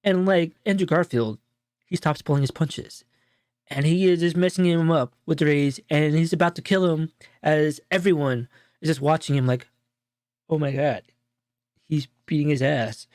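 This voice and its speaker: Man, co-host, casual spoiler recap, rambling and animated, higher voice, dry recording. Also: normal speed, dry recording. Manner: rambling, animated retelling with many fillers. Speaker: show co-host. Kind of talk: casual movie spoiler breakdown.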